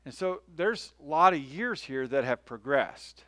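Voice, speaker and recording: A male pastor delivers a sermon in a friendly, storytelling way, often pausing to ask his listeners "right?" His voice sits a little high for a man. The sound is dry, with almost no room echo. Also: animated, a bit bright. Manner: conversational, tells stories, often checks in with "right?". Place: church.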